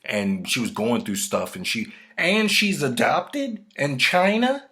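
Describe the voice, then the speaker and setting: A man's voice: on the high side, fairly bright tone. A man ranting agitatedly and profanely, jumping from thought to thought. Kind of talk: rambling conspiracy rant.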